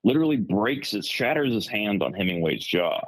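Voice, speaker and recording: A man on a podcast telling a story in casual chat, rambling and animated with lots of fillers. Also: lowish voice, normal speed, dry recording, low-quality recording. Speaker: podcast co-host.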